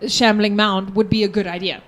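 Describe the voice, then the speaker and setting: A woman's voice: mid-range voice, level tone. A woman running a tabletop game livestream as game master, chatting and joking with her players between turns. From South Africa. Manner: giggly, apologetic, quick banter.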